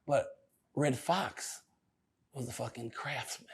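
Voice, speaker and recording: An older male comedian telling stories in a casual interview, profane and animated, often laughing. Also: mid-range voice, takes it slowly, husky.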